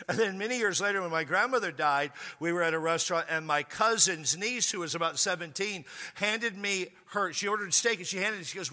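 A man preaching a humorous sermon, telling a story with exaggerated jokes and sudden shouts. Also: sits high, fairly quick, in a large hall. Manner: joking, exaggerated, bursts into shouts. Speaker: pastor.

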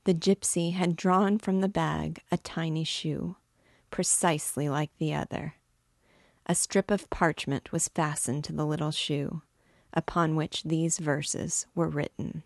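A woman reads a classic novel aloud in a low, unhurried voice. Her storytelling is measured and expressive, with a dry, close sound and no room echo. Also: gravelly. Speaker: book reader and guide. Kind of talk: literary read-aloud narration.

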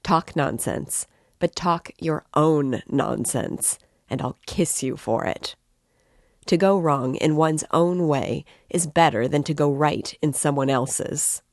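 A woman reading the part of an excitable, tipsy young man who rambles and declaims with passion. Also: low-pitched, slow, dry recording, clean studio sound. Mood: impassioned. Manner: impassioned, rambling, emphatic.

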